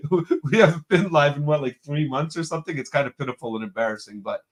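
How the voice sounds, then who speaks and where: A man's voice: fairly high pitch, fast. A man hosting a casual live-stream show from home, cheerfully greeting chat viewers one after another. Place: home room with a computer.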